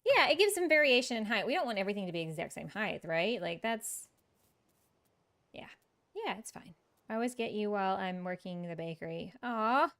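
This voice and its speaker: A woman's voice: medium pitch, expressive, a little fast, fairly bright tone. A woman streaming a game, chatting casually with viewers in a chatty, self-mocking way and laughing often. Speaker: live-streaming gamer. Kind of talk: casual gameplay chat with viewers.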